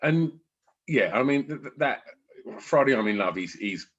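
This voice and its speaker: A middle-aged man hosting a podcast interview in a casual, chatty way, sometimes lively, often trailing off low. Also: moderate pace. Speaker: podcast host. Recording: dull lo-fi sound.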